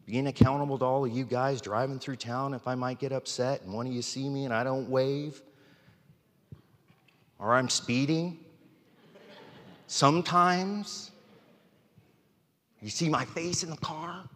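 A man's voice: mid-range voice, fairly even intonation, measured pace, pauses often, a bit bright, big-room sound. A male pastor preaching a candid, informal sermon from the pulpit, speaking frankly and poking fun at himself. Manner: candid, informal, self-deprecating. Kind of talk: conversational sermon. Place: church sanctuary.

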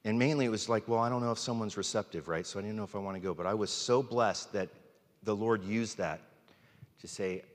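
A man's voice: lowish voice, brisk. Guy preaching casual in church, honest, jokes on himself, echo hangs in the big room. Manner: candid, informal, self-deprecating. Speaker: pastor. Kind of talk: conversational sermon. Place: church sanctuary.

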